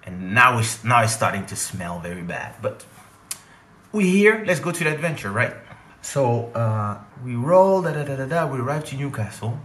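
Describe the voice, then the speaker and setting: A man from DR Congo, telling a storytime vlog with animated, emphatic delivery. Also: mid-range voice, normal speed, a little hiss or hum. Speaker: vlogger and singer. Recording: echoey room.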